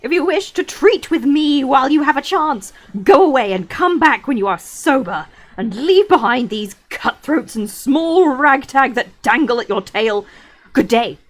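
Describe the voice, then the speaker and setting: A woman voicing a furious, scornful old male wizard, pitched high and loud with a shrill, mocking, screaming delivery. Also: expressive, measured pace. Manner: mocking and sneering.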